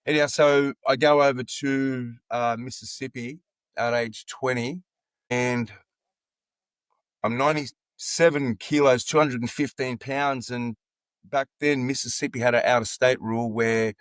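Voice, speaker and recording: A man's voice: mid-range voice, a little slow, clean tone, no echo. A man in his sixties with an Australian accent, a football coach telling long personal stories in an interview and acting out what others said. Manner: animated anecdotes, acting out quoted dialogue. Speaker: football coach, podcast guest. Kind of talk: casual storytelling in an interview.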